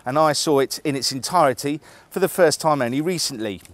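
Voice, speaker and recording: A man's voice: a little high, a little fast, dry recording. Wry man presenting. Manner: wry, jokey, punning. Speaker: TV show presenter. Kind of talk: scripted voice-over narration.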